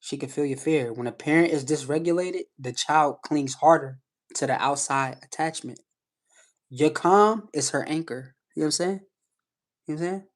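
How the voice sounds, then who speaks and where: A man's voice: on the high side, normal speed. Emphatic man coaching callers live. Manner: emphatic, repeats "you know what I'm saying". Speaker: live stream host giving advice. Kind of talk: casual coaching talk to callers.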